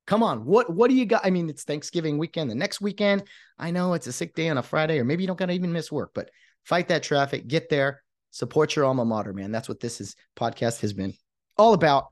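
A man's voice: fairly high pitch, lively intonation, brisk, no echo, studio quality. Fired-up man hosting a podcast. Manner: fired-up, emphatic, rambling with restarts. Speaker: podcast host. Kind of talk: excited podcast monologue.

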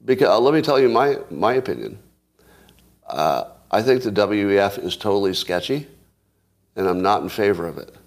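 This is an older man with a deep, low voice, delivering a loose, conversational monologue to an online audience. He speaks casually, asks the viewers questions and stumbles into little restarts and repetitions. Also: lively intonation, normal speed. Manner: conversational, talks to live viewers, repeats words when restarting. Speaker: podcast host.

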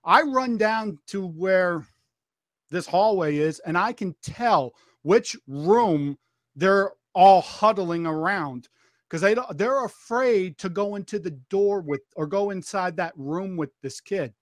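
A man's voice: sits high, expressive, slow pace, no echo, clean studio sound. An American man telling a story on a podcast, acting out the dialogue as he retells it, with frequent restarts and repeated phrases.

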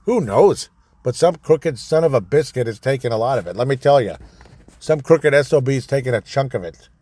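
A man's voice: fairly low pitch, warm tone, slight background noise. A man hosting a solo talk show, reading news items aloud and ranting sarcastically, laughing at his own jokes. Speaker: podcast host. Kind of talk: opinionated solo commentary.

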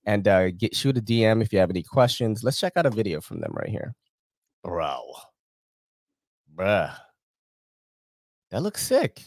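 A man's voice: on the low side, sing-song, measured pace, long pauses, no echo, clean studio sound. A man hosting a podcast, reading sponsor ads in a casual, slangy, profane way. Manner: slangy, profane and laid-back, laughs often. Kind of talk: casual chat.

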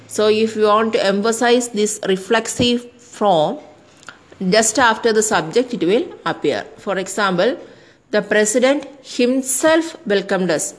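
A woman's voice: mid-range voice, rough recording. A woman teaching an English grammar lesson, spelling out words letter by letter and working through example sentences.

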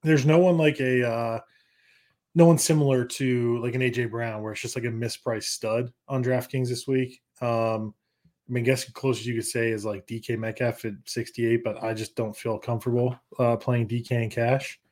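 A man in casual sports chat, rambling and profane, talking fast in bursts and breaking down fantasy football picks with confidence. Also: medium pitch, flat delivery, a little mellow. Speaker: podcast guest.

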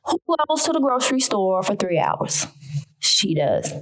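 A woman's voice: medium pitch, sing-song, measured pace. Folksy Southern woman hosting a podcast. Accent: Southern American. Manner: folksy, emphatic, preachy. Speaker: podcast host. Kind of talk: casual solo podcast talk.

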